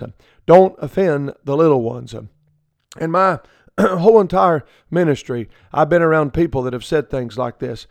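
A man's voice: a little high, moderate pace, vocal fry, no room sound. A middle-aged man preaching a folksy radio sermon, acting out the people he quotes.

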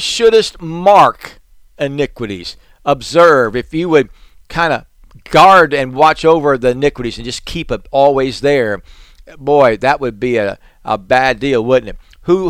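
A man preaching a sermon, reading scripture slowly and breaking into raised, pleading outbursts. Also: medium pitch, smooth, no echo. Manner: reads scripture slowly and deliberately.

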